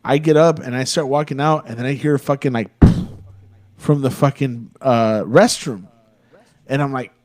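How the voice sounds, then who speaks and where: A young man, a podcast co-host, spins a rambling and profane story in a laid-back, casual voice. His pitch sits in a normal middle range. He comes across as easygoing and unhurried. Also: fairly even intonation. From Texas.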